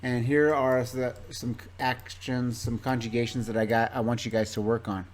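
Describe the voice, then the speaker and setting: Male teacher, mid-pitched, patient, spells out word lists clearly for a class. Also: little pitch movement, moderate pace. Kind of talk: recorded classroom presentation. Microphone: own microphone in front of him.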